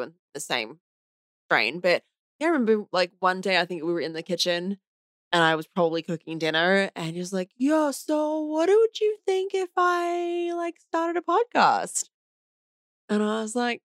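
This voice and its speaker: A woman's voice: low voice, vocal fry, a bit bright, no room sound, clean studio sound. A woman in her thirties from Australia, chatting casually on a podcast and laughing often. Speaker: podcast guest, host's wife. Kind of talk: casual chat.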